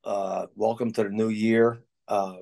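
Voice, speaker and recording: A man's voice: fairly low pitch, level tone, measured pace, vocal fry, mellow. A man in his sixties, a retired motorcycle stunt rider, casually reminiscing in a folksy storytelling way. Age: 60s. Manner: folksy storyteller, laughs at his own tales.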